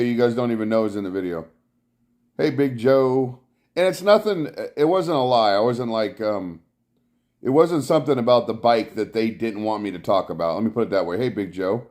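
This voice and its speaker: A man with a medium-pitched, darkish voice hosts a casual live stream from his couch at home. He greets viewers by name and rambles about his rides, speaking through a clip-on mic he wears for bike riding.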